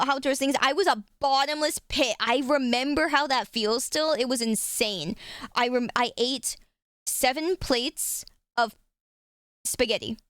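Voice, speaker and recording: A woman's voice: high voice, fairly bright tone, no room sound, studio quality. Chatty, foul-mouthed young woman streamer. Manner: chatty, swears freely, quick asides. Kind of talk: casual chat with chat.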